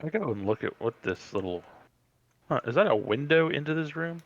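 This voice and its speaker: A man player in a casual tabletop game, animated, curious and joking. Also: fairly high pitch, brisk, dry recording. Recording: dull lo-fi mic.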